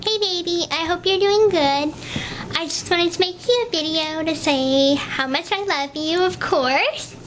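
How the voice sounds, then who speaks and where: A woman talks into her own video message from home. Her voice sits high and her pace is slow and gentle. She sounds affectionate and a little nervous, with faint background noise. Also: low-quality recording. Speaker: person recording video messages to a partner. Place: home, indoors.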